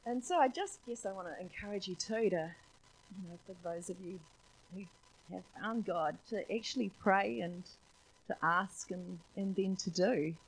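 Husky New woman telling stories. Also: medium pitch, moderate pace, low-quality recording. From New Zealand. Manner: animated storyteller, laughs often, acts out voices. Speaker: church speaker. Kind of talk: sermon with personal storytelling.

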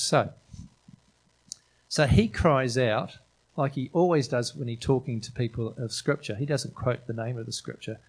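A middle-aged man preaching to his congregation in a loose, conversational style. He sounds eager and keeps circling back on his words with fillers and restarts, at an ordinary mid pitch for a man. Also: fairly even intonation, normal speed, a little mellow, poor audio. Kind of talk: informal sermon.

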